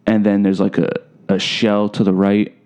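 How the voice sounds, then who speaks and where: A man's voice: lowish voice, completely flat delivery, moderate pace, a little mellow. A young man co-hosting a podcast, telling a story in casual chat, laughing and acting out quotes. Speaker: podcast co-host.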